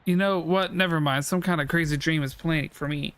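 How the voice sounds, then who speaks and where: A man's voice: a little high, fairly even intonation, fairly quick, a bit bright, smooth, no echo. A man streaming a comedy role-playing game, reading its dialogue and narration aloud in a mock-solemn, old-fashioned manner. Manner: archaic mock-solemn delivery for game characters. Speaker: gaming streamer.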